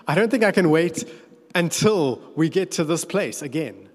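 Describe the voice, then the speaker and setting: Anxious, doubting Moses, acted out by a male preacher, rushing his pleas in a raised, higher voice. His words ring out in a reverberant church hall. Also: animated. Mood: anxious, pleading. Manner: pleading, hesitant, fast and raised.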